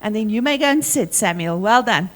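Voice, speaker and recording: A woman's voice: medium pitch, lively intonation, brisk. A woman with a South African accent leading a school assembly, talking energetically and playfully as she calls out to pupils.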